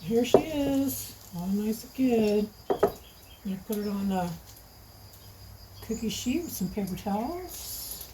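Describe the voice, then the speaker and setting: A woman's voice: medium pitch, animated, measured pace, long pauses, background noise. A retired woman in her sixties chatting casually through a home cooking vlog in her kitchen. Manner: chatty, homey, talks while eating. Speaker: vlogger.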